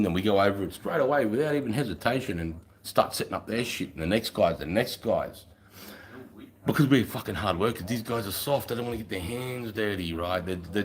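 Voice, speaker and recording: A man telling a boastful army story in casual, profane, swaggering talk. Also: fairly low pitch. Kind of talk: crude anecdotal storytelling.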